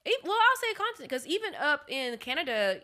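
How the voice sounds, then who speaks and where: A woman's voice: sits high, big pitch swings, brisk, bright, forceful tone. A woman in her thirties, a daughter co-hosting a podcast, chatting casually and telling stories expressively with laughter. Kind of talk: casual chat.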